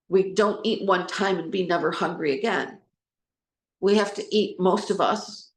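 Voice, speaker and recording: A woman trauma recovery coach giving an informal talk, telling stories and acting out what others said. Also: lowish voice. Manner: storytelling, acting out quoted voices. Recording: echoey room.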